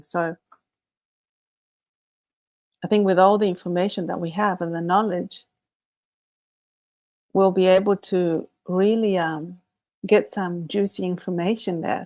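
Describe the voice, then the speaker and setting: With a fairly low, darkish voice, this streamer laughs a lot while she reads out chat messages. She keeps the casual broadcast light, playful and talkative.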